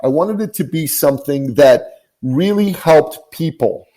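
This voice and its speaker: A man's voice: on the high side, expressive, measured pace, mellow, rough recording. A man guest on a podcast, earnestly telling stories and repeating key phrases for emphasis. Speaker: guest, business coach. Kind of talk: podcast interview storytelling. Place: lives in Canada.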